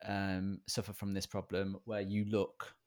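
A man's voice: deep voice, monotone, a little slow. A man co-hosting a podcast, chatting casually in a wry, playful way and laughing often. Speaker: podcast co-host. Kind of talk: casual chat.

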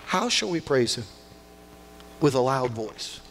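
A male pastor preaching a sermon, emphatic, swinging between loud outbursts and hushed lines. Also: medium pitch, very animated, takes it slowly, a little hiss or hum. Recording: long church hall reverb.

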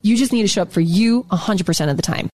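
A woman's voice: medium pitch, fast talker, darkish tone, dry recording. A woman co-hosting a podcast in casual chat, emphatic and fond of repeating her key words. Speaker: podcast co-host.

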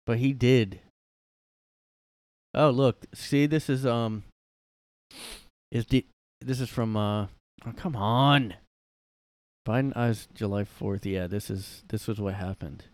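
Male vlogger, low pitch, dry close sound, sarcastic off-the-cuff rant. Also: fairly even intonation, measured pace, darkish tone, no echo. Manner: sarcastic, rambling, with fillers. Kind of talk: casual rant. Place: his room.

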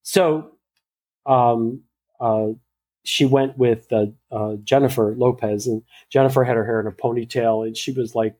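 Male hairstylist, casual anecdote, acts out dialogue, lots of fillers, mid-pitched. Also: unhurried. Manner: animated retelling that acts out both sides of a dialogue; frequent "you know" fillers and restarts.

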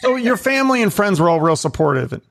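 A man's voice: sits high, big pitch swings, fast, creaky, fairly bright tone. A man hosting an interview, asking casual questions and reacting with enthusiasm. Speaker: interview host.

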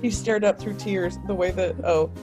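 A woman's voice: mid-range voice, steady tone, moderate pace. Laughing woman guest, music behind. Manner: laughs often, reads with mock intensity. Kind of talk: casual chat and dramatic fan fiction reading.

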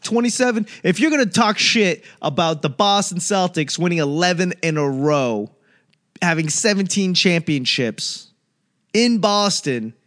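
A man's voice: high-pitched, expressive, a little slow, a bit bright. Profane, sarcastic ranting man. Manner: profane, sarcastic, mocking mimicry; rambling tangents. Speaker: solo podcast host. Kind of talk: casual ranting monologue.

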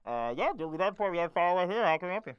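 A brisk emergency dispatcher answers in a businesslike, slightly raised voice, as a man voices him in a tabletop game. The voice is smooth and its pitch moves a lot. It sounds dry and close. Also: animated, dry recording, dull audio.

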